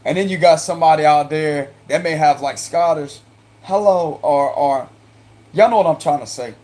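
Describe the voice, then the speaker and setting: A man with a Cajun accent talks through a tarot reading for his viewers. His voice sits a little high for a man, and he rambles, circles back over the same points and breaks into chuckling asides. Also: brisk, a little mellow. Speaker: tarot reader.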